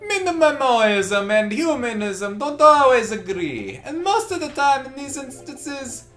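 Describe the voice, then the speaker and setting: A woman's voice: high-pitched, very animated, measured pace, a bit bright, soft background music, full character voice. A woman voicing a prim, self-serious male journalist witness in a courtroom game, with a mock-solemn, melodramatic delivery. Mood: self-important. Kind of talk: reading game dialogue aloud.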